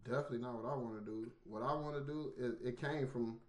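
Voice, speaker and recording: A man co-hosting a casual chat, laid-back and speaking in relaxed vernacular. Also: mid-range voice, fast talker. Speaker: podcast co-host. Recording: roomy.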